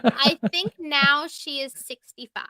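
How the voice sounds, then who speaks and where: A woman's voice: sits high, slow, a crowd in the background. A woman from Georgia with a light Southern accent, chatting casually as a guest and telling stories. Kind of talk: casual chat.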